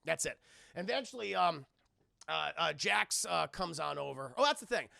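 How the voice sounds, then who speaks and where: Gravelly, sarcastic man recapping a film. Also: on the high side, expressive, moderate pace, bright, forceful tone, no echo, studio quality. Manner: sarcastic, swears a lot, acts out scenes. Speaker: streamer reviewing a film for live chat. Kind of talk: casual profane film recap.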